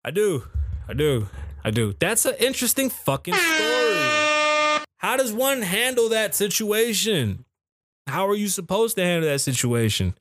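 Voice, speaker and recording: A man hosting a solo livestream podcast, talking in an animated, profane way that swings between loud bursts and low mutters. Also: normal speed, very noisy. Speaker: podcast host. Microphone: studio microphone.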